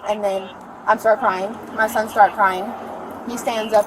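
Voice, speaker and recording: A woman's voice: fairly high pitch, fairly even intonation, normal speed. Rambling woman on a noisy body cam. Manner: rambling, breathless retelling. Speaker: arrested mother. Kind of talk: recounting events to police. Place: outdoors by a store parking lot. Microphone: police body camera.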